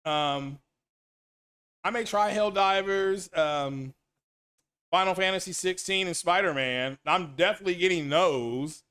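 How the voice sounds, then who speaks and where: A man's voice: high-pitched, a little slow, clear, resonant tone. A middle-aged man hosting a casual gaming talk stream, rambling and repeating himself as he answers chat. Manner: animated, rambling, repeats himself, reads chat names aloud. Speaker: gaming commentary host. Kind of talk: casual solo stream commentary.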